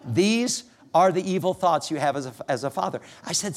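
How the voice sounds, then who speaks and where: A middle-aged man delivers a sermon from the pulpit. His voice sits a little higher than most men's, and he tells a family story with gentle humor. His delivery rises and falls in a lively way. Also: moderate pace, gravelly, few pauses. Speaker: pastor becoming missionary.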